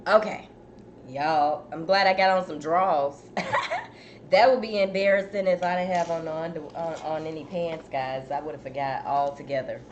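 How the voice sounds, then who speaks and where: Host, female, relaxed and chatty with her audience, lower register, battling a dry cough; faint background noise. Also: moderate pace, highs cut off. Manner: chatty, addresses viewers as "y'all". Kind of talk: casual live-stream chat.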